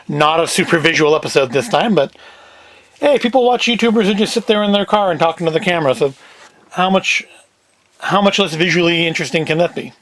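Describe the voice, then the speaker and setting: A man's voice: high voice, a bit bright, no echo. A man hosting a casual solo talk, who rambles and thinks aloud in a chatty way. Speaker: host.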